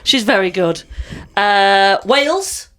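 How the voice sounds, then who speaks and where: A woman co-hosting a podcast in casual chat, telling stories in a quick, animated way. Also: mid-range voice. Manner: chatty storyteller, quick and animated. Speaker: podcast co-host.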